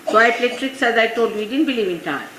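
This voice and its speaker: A woman's voice: fairly high pitch, expressive, fast, a bit bright. Indian woman giving an echoey archival spiritual talk. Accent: Indian English. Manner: anecdotal storytelling, frequent "you see" asides. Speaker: spiritual teacher. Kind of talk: informal spiritual talk to followers. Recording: echoey 1980s archive recording with faint hiss.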